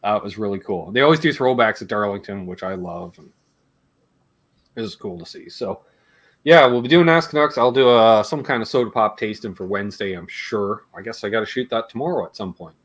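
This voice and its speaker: Animated, rambling man in his forties. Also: lowish voice, brisk. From Canada. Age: 40s. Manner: rambling and jokey, laughs between remarks. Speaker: host of a live guitar Q&A stream. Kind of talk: casual chat.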